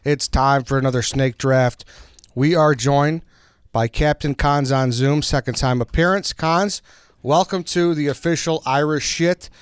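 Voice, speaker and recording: A man hosts a laid-back podcast draft with an upbeat, in-charge delivery. His voice is smooth and resonant, recorded dry and close with no room sound around it. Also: a little high, measured pace, dry recording. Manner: upbeat, runs the show. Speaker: podcast host. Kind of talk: casual chat and ad read.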